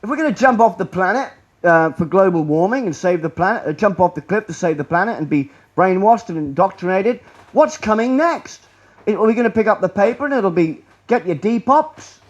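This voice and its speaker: In lo-fi sound, a man with a high voice and lively intonation talks briskly to an audience in a lecture room. His sarcastic presentation rambles, and he often breaks off to restart sentences.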